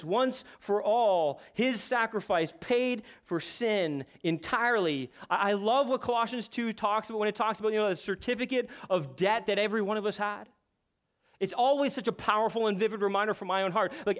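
A male pastor preaching a sermon with impassioned emphasis that builds to strong peaks. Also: high voice.

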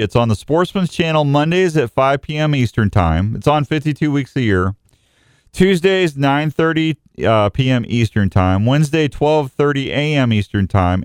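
A rambling, jokey radio host. The man talks in a casual chat to listeners, his voice smooth and clear. The sound is dry and close. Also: medium pitch, no echo.

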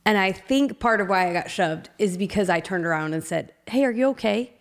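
A woman co-hosting a casual faith podcast, chiming in often with quick agreement. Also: lowish voice. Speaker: podcast co-host.

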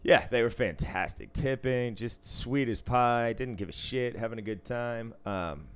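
A man's voice: medium pitch, unhurried, smooth. A man from the area, telling rambling, profane stories in casual chat and laughing often. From Boston area, US. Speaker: podcast co-host, casino dealer.

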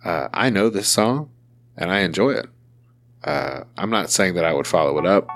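A man hosting a podcast, talking casually in an animated, profane way. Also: sits low, moderate pace, vocal fry.

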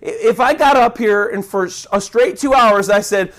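Preaching as a pastor, this man speaks in a lively, chatty way, imitating crowds and their chants while repeatedly restarting and turning aside to address the congregation. He has a high-pitched voice and talks at a normal speed.

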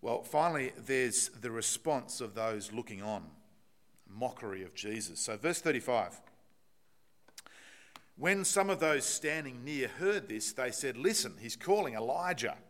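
A man's voice: mid-range voice, expressive, measured pace, a bit bright. Man preaching a Bible sermon. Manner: explanatory, asks the congregation rhetorical questions.

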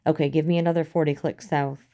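A stern older army general snaps out short, clipped commands, voiced by a woman narrator. The voice sits low and dark, with a mellow, warm tone even when he gets loud and urgent. He is a storybook commander who wastes no words. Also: fast. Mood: commanding. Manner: barking curt orders.

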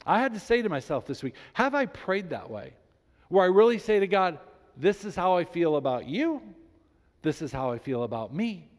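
A man preaching a sermon as a pastor, reading scripture aloud with emphasis and animated delivery. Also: high voice, moderate pace. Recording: long reverb in a large hall.

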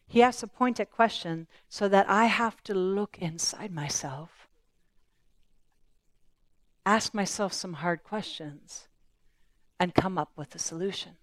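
A woman's voice: medium pitch, no room sound. Earnest woman preaching a sermon. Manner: earnest, questioning, voicing Bible figures in prayer.

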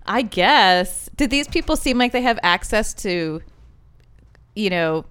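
A woman's voice: medium pitch, expressive, takes it slowly, fairly bright tone, clean tone. A woman co-hosting a podcast in casual chat, wry and joking. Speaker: podcast co-host.

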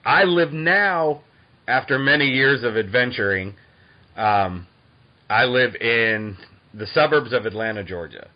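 A man in his thirties from Boston hosting a podcast, talking in an eager, excitable, fan-like way. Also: mid-range voice, a little slow, highs cut off. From Boston, Massachusetts. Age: 30s. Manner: eager, excitable, self-described dork. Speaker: podcast host. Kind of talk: casual interview chat.

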